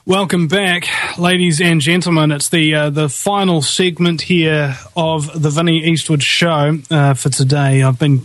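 A man hosting a radio show, delivering an impassioned, blunt rant in fast bursts. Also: on the high side, fairly even intonation, no room sound. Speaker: radio host.

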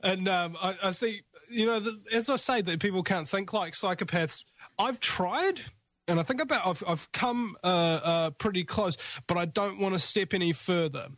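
A male radio host in a casual interview chat, talking in a rambling, animated way with many restarts. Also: high-pitched, moderate pace, dry recording.

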